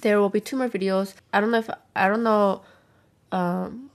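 Young woman rambling through a story on camera, lots of "like" and "um", acts out quotes, middle pitch. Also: steady tone, normal speed, noisy background. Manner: chatty with filler words. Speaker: vlogger. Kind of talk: casual chat while eating on camera.

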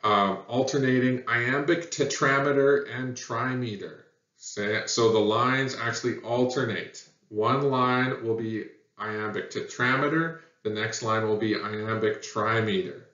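A man's voice: medium pitch, measured pace, a bit bright. A man teaching a lesson on poetry meter, explaining plainly with frequent ums and uhs. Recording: roomy, dull lo-fi audio.

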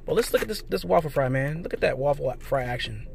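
A food vlogger with a slightly high, creaky voice eats and reviews fast food in a parked car, excitedly calling his viewers "guys" and "man." It's a casual review vlog, and faint road noise from passing traffic seeps into the car.

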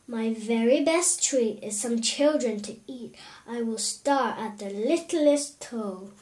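A woman's voice: a little high, slow, darkish tone, slight background noise. A woman reading as a grumpy, hungry storybook giant. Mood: grumbling.

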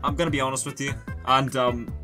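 A man's voice: mid-range voice, little pitch movement, fairly quick, bright, forceful tone, faint music behind. A man casually commentating a car-building game, sarcastic and swearing a lot as he mocks his own creation. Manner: sarcastic, swearing, self-mocking. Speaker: gaming YouTuber.

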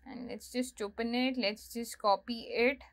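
A woman's voice: on the high side, fairly even intonation, measured pace. A woman teaching a coding lesson, explaining each step while she types and reads code aloud. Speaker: programming instructor. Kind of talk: screen-recorded coding tutorial.

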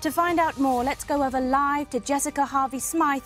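A woman's voice: high-pitched, steady tone, moderate pace, a bit bright, soft background music. A woman playing a formal female news anchor in a comedy news spoof.

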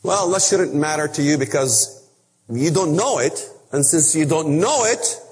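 Animated preacher man in a reverberant hall. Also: on the high side, unhurried. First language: Arabic. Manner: emphatic, animated, rhetorical questions. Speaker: speaker on biblical prophecy. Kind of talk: preaching Bible lesson.

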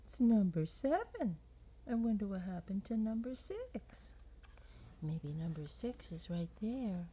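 A woman reading a children's picture book aloud in a playful, sing-song way, dropping into breathy whispers and making animal sounds. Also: medium pitch, lively intonation, measured pace, warm tone, a little hiss or hum. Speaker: storybook reader.

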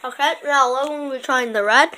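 A young woman hosting a casual taste-test vlog, talking straight to her viewers. Her voice sits high and has a bright, forceful edge. She keeps it chatty and loose. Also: brisk, a little hiss or hum, poor audio. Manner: chatty, addresses viewers directly. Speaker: vlogger.

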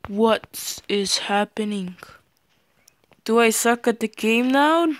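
A gaming channel host, a teen boy with a high voice, yells through his gameplay commentary, his voice cracking on the loudest shouts. He's excitable, yelping at the game, though his outro turns hesitant with fillers. The recording is dry and the pace slow.

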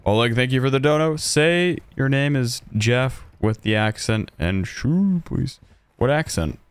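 A man's voice: mid-range voice, animated, measured pace, clear, resonant tone, no echo. A man streaming a shooter game, chatting casually, reacting aloud and thanking donors as he plays. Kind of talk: casual gameplay commentary.

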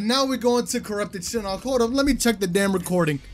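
A young man giving live commentary over a fighting game he is playing, excitable and swearing, swinging from low mutters to loud outbursts. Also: brisk, few pauses. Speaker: gaming channel host.

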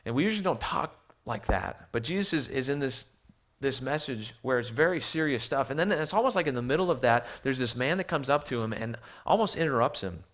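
A man's voice: mid-range voice, expressive, fairly quick, few pauses, fairly bright tone. A man preaching a sermon in a church with slides. He often repeats words as he restarts and asks the audience rhetorical questions. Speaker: missionary preacher.

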